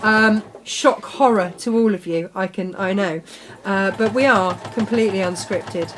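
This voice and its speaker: A middle-aged woman hosts a live sewing demonstration at an easy, mid-range pitch. She chats freely, cheers her tools on and breaks into excited exclamations. A faint hiss sits under her voice. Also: measured pace. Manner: chatty, talks to her tools, exclaims often. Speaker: crafting show host.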